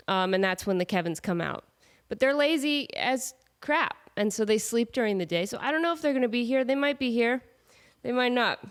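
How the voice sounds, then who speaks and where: A woman with a cold and a stuffed-up voice, hosting her podcast in a jokey, sarcastic, rambling monologue. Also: a little high. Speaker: podcast host. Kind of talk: casual comedic monologue. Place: home setup with camera on tripod.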